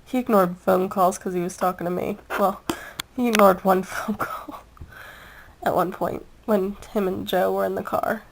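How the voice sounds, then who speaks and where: A woman's voice: medium pitch, fairly even intonation, moderate pace, gravelly, slight background noise, low-quality recording. A young woman in casual chat, reviewing a video with a giggly, rambling, gushing manner.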